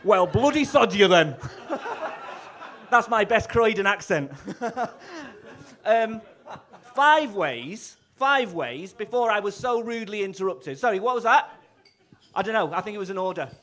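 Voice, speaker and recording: A man's voice: high-pitched, lively intonation, normal speed, pushed and bright. A man and bandleader chatting and joking between tunes at a live gig, laughing often and stumbling over his words, on a stage microphone. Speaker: bandleader and clarinettist. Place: live music venue.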